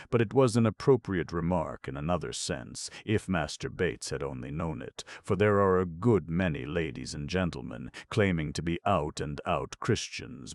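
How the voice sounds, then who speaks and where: A man narrates a classic novel in a very deep, gravelly voice. His delivery is measured and his pitch moves in a lively way. The recording is dry, with no room sound. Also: no echo. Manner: measured storytelling. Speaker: audiobook narrator. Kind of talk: scripted narration.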